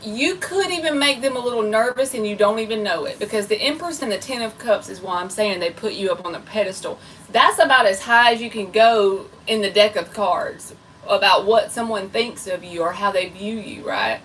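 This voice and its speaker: A woman's voice: medium pitch, moderate pace, a bit bright, distant mic, slight background noise, poor audio. A woman giving a live tarot reading in a chatty, playful way. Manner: chatty and playful, self-described goofy. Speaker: tarot reader.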